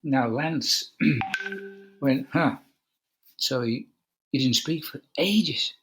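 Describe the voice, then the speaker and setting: Older man, husky voice, chatty storyteller, video call guest. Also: mid-range voice, slow, a bit bright, rough recording. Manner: chatty, acts out quoted lines. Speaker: guest, cycling commentator. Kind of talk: relaxed anecdotal storytelling.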